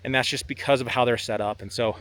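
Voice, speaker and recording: A young man talks to camera while out on a golf course, slightly out of breath. His tone is relaxed and chatty, full of filler words like "like" and "man". His voice sits at an ordinary mid pitch for a man. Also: fast talker, no room sound. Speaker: options trader and vlogger. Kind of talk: casual vlog talk to camera.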